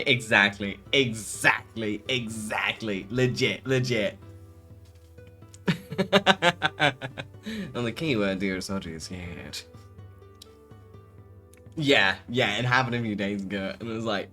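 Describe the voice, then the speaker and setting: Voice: mid-range voice, takes it slowly, long pauses, sharp tone, faint music behind. A VTuber streamer in casual live-stream chat, giggling and rambling while answering chat.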